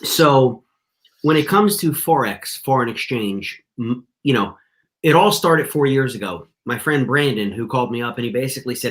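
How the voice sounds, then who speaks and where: Man, podcast guest, casual storyteller, slangy and chatty, mid-pitched voice. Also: lively intonation, moderate pace, a bit bright. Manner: chatty, slangy, full of "you know" and "dude".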